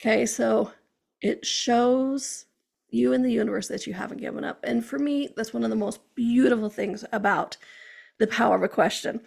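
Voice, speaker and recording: Gravelly-voiced chatty woman podcast host. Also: on the high side, normal speed. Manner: chatty, animated, frequent "okay?" check-ins. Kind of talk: casual motivational monologue.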